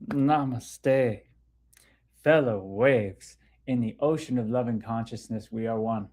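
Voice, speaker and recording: A man hosts a livestream in a laid-back, casual way, talking about spirituality and greeting viewers by name as he reads their comments. His voice is mid-range and darkish, and he speaks slowly.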